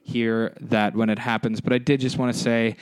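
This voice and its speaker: A man's voice: medium pitch, little pitch movement, moderate pace, smooth, no echo. A man hosting a podcast, talking casually and apologetically, rambling with fillers and restarts into a close mic. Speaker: podcast host.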